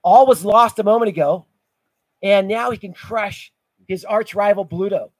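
A middle-aged pastor with a high voice preaches a sermon at a moderate pace, telling vivid stories as his volume rises and falls. The audio is poor, though there's no echo.

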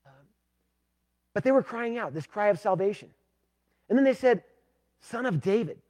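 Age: adult. Sex: man. Pitch: high. Style: sermon, emphatic with loud and hushed swings. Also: animated, normal speed. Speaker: pastor.

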